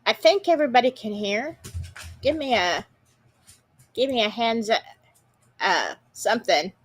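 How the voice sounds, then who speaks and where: A woman's voice: fairly high pitch, animated, unhurried, slightly rough. A woman hosting a casual livestream from home, chatty and greeting viewers by name, her voice congested with a morning cold. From Southern United States. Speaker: livestream show host. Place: home, indoors.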